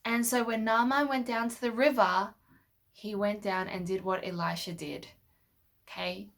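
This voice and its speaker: This woman's voice is mid-pitched, a bit bright and gravelly, with fairly even intonation and a slightly slow delivery. She uses toy figures to tell children a Bible story, patiently asking them questions as it unfolds.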